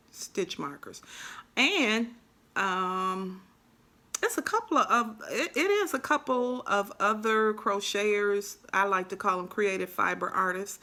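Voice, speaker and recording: A woman chatting casually on her crochet vlog, with a bright, forward tone. She talks in a lively, animated way and keeps giving shout-outs to other creators. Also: mid-range voice. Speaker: crochet vlogger. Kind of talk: casual chat.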